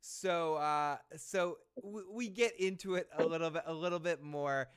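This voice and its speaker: A man's voice: fairly high pitch, normal speed, clean tone. A man hosting a casual show recap, rambling and swearing as he retells scenes. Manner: rambling, profane, retells scenes with quoted lines. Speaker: podcast host.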